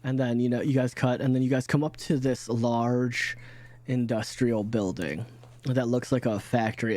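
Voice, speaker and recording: A man's voice: mid-range voice, a little mellow. A man narrating as game master of a tabletop game, rambling with frequent restarts. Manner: rambling, many fillers and restarts.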